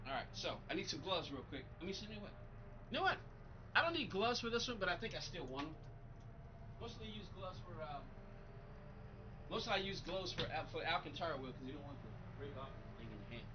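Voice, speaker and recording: Man, high voice, live-stream chat, blunt and exasperated, muffled audio, faint hiss. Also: big pitch swings, a little fast. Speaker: racing game streamer.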